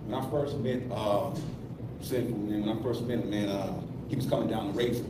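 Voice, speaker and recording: A man's voice: fairly low pitch, steady tone, a little fast, heavy background noise. Rambling man in a distant echoey room. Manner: rambling, filler-heavy, laid-back. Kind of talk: rambling tribute speech.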